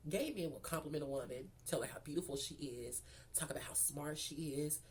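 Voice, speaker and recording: A woman's voice: sits low, a little fast, a little mellow, a little hiss or hum. A woman from Memphis telling a personal story in a sassy, profane, chatty way, calling her viewers girl and baby. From Memphis, Tennessee. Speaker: storyteller vlogger. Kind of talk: casual storytime.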